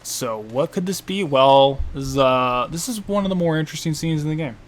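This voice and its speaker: A man's voice: fairly high pitch, animated, a little fast. A man casually commenting on a video game playthrough, playful and self-mocking. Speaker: game critic doing a playthrough. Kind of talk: casual let's-play commentary.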